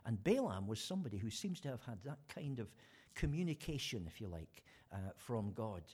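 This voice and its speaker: A man's voice: medium pitch, big pitch swings, normal speed, darkish tone, slightly rough. A man preaching an informal sermon, retelling a story in a chatty way with fillers and restarts.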